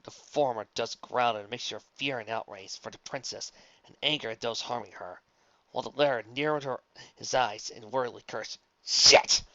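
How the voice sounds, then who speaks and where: Bright-voiced man reading a story. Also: mid-range voice, brisk, no room sound. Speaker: fanfic reader. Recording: dull lo-fi recording, dry.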